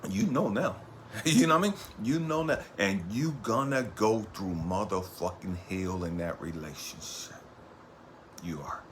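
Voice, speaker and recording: A man giving an impassioned motivational monologue as a spiritual coach. He talks in a profane, streetwise preaching cadence, repeats his points, and swings from low murmurs to loud bursts. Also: animated, measured pace, slight background noise.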